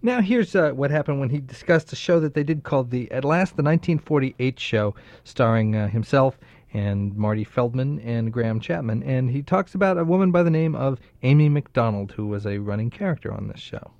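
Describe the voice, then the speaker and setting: A male interview host introducing clips in a plain, measured way. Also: mid-range voice, animated, gravelly, a little mellow, dry recording. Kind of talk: radio-style introductions. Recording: dry, slightly muffled recording.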